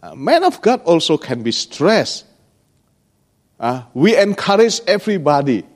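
Slow, lively male pastor. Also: a little high. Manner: broken English, frequent checking "yeah?" asides. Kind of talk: sermon.

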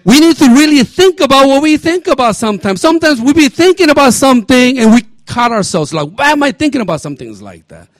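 A man's voice: very high voice, sing-song, fast, hardly any pauses, dry recording. A middle-aged man preaching a sermon as pastor, emphatic, repeating phrases and asking his congregation questions.

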